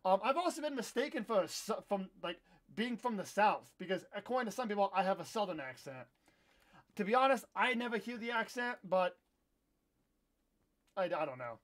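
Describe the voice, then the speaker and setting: High-voiced chatty young man streaming. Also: big pitch swings, moderate pace. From Iowa, USA. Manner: rambling and chatty, with sudden loud outbursts during play. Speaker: livestream host. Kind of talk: casual live gameplay chat.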